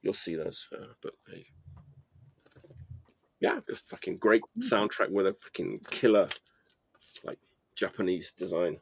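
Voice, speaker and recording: A man's voice: deep voice, unhurried, vocal fry, long pauses, a little hiss or hum. A man hosting a podcast, chatting about records in a loose, enthusiastic way with casual swearing. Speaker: podcast host. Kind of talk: casual record-collector chat.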